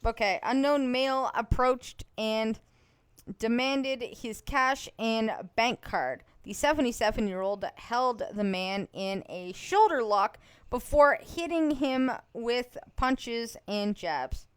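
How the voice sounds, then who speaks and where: A woman's voice: fairly high pitch, slow pace, clean tone, no room sound. A woman co-hosting a casual podcast, reading news headlines aloud and reacting with short laughs. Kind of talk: casual chat.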